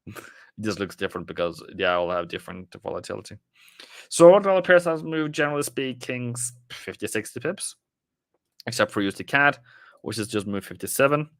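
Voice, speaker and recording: A man's voice: fairly low pitch, expressive, brisk, a bit bright, dry recording, clean studio sound. A man casually commenting on a live trading stream, rambling and chatting with viewers as he goes through the charts.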